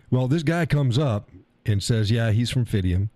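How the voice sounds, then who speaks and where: A man's voice: mid-range voice, expressive, normal speed, dark tone, dry recording. A middle-aged American man hosting a live stream, ranting casually in a profane, rambling way and mocking other people's words. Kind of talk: casual storytelling rant.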